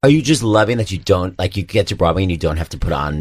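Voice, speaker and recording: A man's voice: low-pitched, lively intonation, quick pace, no room sound. A middle-aged man hosting a radio interview, campy and teasing, who keeps slipping into mock voices. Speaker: radio show host. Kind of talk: playful theatrical interview.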